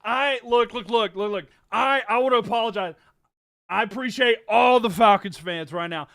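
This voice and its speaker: A young man with a high, bright voice whoops and hollers on a live stream. His voice has gone hoarse from yelling, and between the shouts he talks loosely to his chat. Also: normal speed. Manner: yells and hypes, then talks to chat casually. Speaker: streamer reacting to a football game. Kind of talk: excited live-stream reaction.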